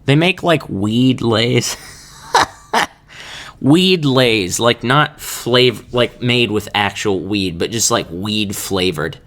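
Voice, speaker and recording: A man's voice: mid-range voice, animated, slow pace, a bit bright. A young man hosting a casual solo podcast, rambling and joking with laughs between his thoughts. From Kansas. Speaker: podcast host.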